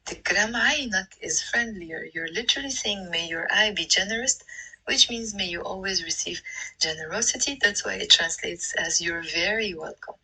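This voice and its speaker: A woman from Lebanon with a Lebanese accent, a language teacher going through phrases in a measured, repetitive way. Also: mid-range voice, bright, forceful tone, husky, low-quality recording. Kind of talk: scripted phrase lesson.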